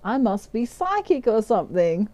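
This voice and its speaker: A woman's voice: a little high, very animated, moderate pace, dark tone, dry recording. A woman giving a casual tarot reading in a playful way, often slipping into bits of song. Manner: playful, breaks into snatches of song and laughs. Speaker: tarot card reader.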